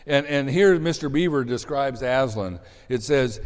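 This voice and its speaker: A man preaching a sermon in an animated way, dropping to soft asides and rising to shouted bursts. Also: mid-range voice, moderate pace, few pauses. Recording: long hall reverb.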